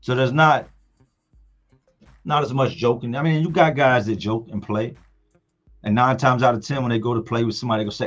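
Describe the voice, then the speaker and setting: A man's voice: medium pitch, a little fast, pauses often, highs cut off, faint music behind. A man hosting a livestream, telling stories casually with slang and acting out other people's lines. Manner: animated storyteller, slangy, acts out others' lines. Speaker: livestream host.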